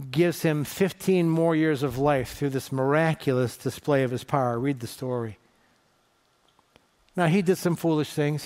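A man's voice: mid-range voice, a little mellow. A middle-aged man from northeast Ohio preaching a sermon in a conversational, storytelling way, asking the congregation questions. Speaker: pastor.

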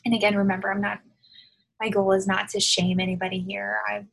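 A woman's voice: medium pitch, level tone, a little fast, vocal fry, a bit bright, rough recording. A woman giving a casual devotional talk over a video call from her living room, chatty and full of fillers and tag questions. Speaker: devotional speaker.

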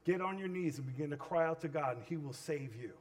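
An impassioned male pastor preaching an altar call in a high voice. He drops to a hushed plea, then breaks into loud, pleading cries, with soft instrumental music playing underneath. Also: fast. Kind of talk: sermon.

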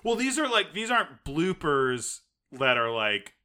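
A man co-hosting a casual podcast chat, retelling a film with excited, animated quoted reactions. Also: on the high side, unhurried. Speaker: podcast co-host.

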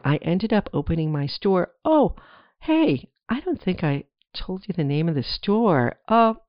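A middle-aged woman from New Jersey hosting a podcast, telling her story in a chatty, animated way with playful asides to the listener. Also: deep voice, no room sound. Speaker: podcast host. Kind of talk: casual solo storytelling. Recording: dry, slightly dull lo-fi sound.

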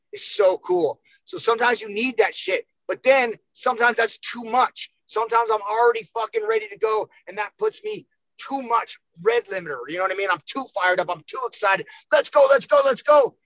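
High-voiced guy, swearing a lot, pumped up, dry slightly dull sound. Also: huge pitch swings, brisk, creaky, a bit bright, no echo. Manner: profane, fired-up, emphatic. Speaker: podcast guest, fighter. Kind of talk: casual podcast chat.

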